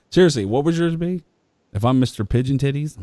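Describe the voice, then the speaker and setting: A man's voice: medium pitch, warm tone, no echo. A man hosting a live stream, chatting casually and joking with a friend. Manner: joking, goofy, laughs a lot. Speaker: livestream host.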